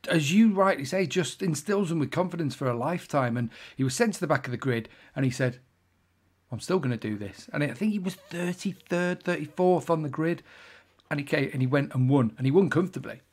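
A man's voice: on the high side, a little fast, a little mellow, husky. A man co-hosting a podcast in a chatty, jokey way. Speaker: podcast co-host. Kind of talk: casual chat.

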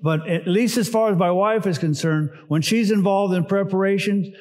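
A man's voice: sits high, moderate pace, darkish tone. Man preaching a conversational sermon. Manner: conversational teaching with asides and filler "uh"s. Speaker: pastor.

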